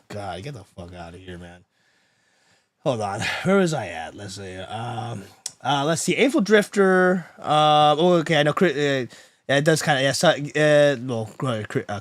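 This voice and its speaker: A man's voice: on the high side, a bit bright, no room sound. A man in his thirties chatting casually on a live stream, rambling and swearing as he reads out chat. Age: 30s. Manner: rambling and profane, reading chat aloud.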